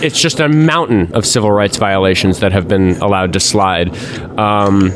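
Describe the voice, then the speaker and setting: A man's voice: lowish voice, normal speed, noisy background. A man hosting a live call-in debate stream, talking casually and sarcastically, with lots of fillers and restarts. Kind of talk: casual political call-in chat.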